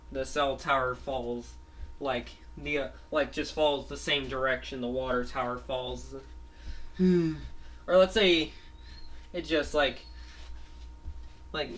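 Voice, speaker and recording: A man making up a show plot aloud, halting and full of fillers, restarts and constant "let's say" revisions. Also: mid-range voice, a bit bright. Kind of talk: improvised rambling storytelling. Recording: voice a bit far from the mic.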